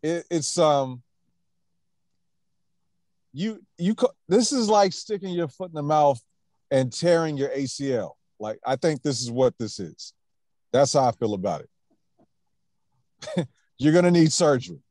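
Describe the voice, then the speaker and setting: A man's voice: fairly high pitch, lively intonation, measured pace, pauses often, a little mellow, no echo. A man co-hosting a podcast, talking bluntly and profanely with jokes. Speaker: podcast co-host. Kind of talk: casual chat.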